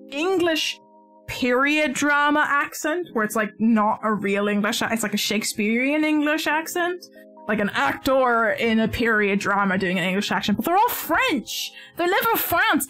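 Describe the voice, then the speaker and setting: A woman's voice: a little high, a bit bright. A woman streaming live, chatting casually while she crochets, rambling and often restarting her sentences.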